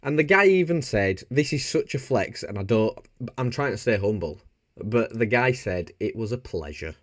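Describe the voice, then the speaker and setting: A man's voice: mid-range voice, expressive, normal speed, dry recording, clean studio sound. A man from Bradford with a Yorkshire accent, chatting casually and jokily on a live stream while he reads out viewer comments. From Bradford, England. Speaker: motorbike streamer.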